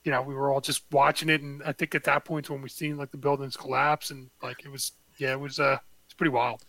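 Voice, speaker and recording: A man with a bright, fairly high voice talks in a flat, even tone with little rise and fall. He tells his story bluntly and pads it with fillers, and the recording sounds dry and close. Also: a little fast, dry recording, low-quality recording. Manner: loose, filler-heavy and blunt. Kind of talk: casual storytelling.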